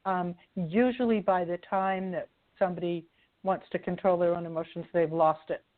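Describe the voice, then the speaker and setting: A woman's voice: fairly low pitch, fairly even intonation, normal speed. A woman author speaking as a guest on a radio talk show, telling stories in a chatty way and laughing often. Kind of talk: casual radio interview. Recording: phone-line call-in sound.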